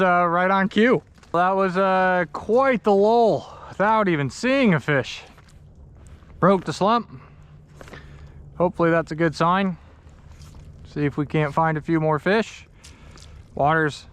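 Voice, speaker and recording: A man's voice: a little high, fairly bright tone, clear, resonant tone. A man hosting a fishing trip vlog, talking casually outdoors on a river raft with wry, joking, self-deprecating commentary.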